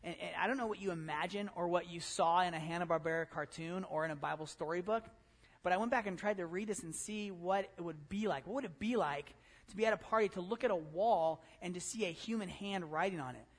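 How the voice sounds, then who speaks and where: A man pastor giving a conversational, animated sermon, full of rhetorical questions. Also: high voice, quick pace, long reverb tail.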